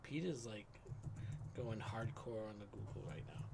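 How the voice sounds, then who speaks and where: A man's voice: lowish voice, moderate pace, creaky, noisy background. Joking man co-hosting a sports podcast. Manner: joking, banters and riffs. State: drinking beer while talking. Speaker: podcast co-host. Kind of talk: casual sports chat. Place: home live stream setup.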